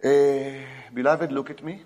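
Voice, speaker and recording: A male preacher giving an emphatic sermon, swinging between loud exclamations and quiet asides. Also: medium pitch, level tone, a little slow, big-room sound.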